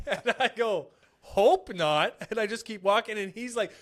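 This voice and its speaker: A young man hosting a casual podcast, telling stories in an animated, profane way. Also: high voice, unhurried. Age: young adult. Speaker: podcast host; comedian.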